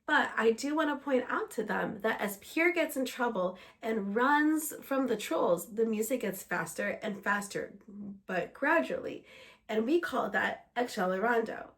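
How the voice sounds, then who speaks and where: A woman music teacher walking other teachers through a lesson plan in an explanatory, steady way, slightly under the weather. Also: on the high side. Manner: explanatory, steady, breaks into short sung examples.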